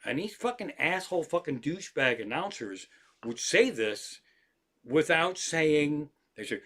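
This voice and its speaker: Unhurried and slightly high in pitch, a comedian chats on a livestream from his armchair at home. He rambles through animated stories, swearing freely as he goes.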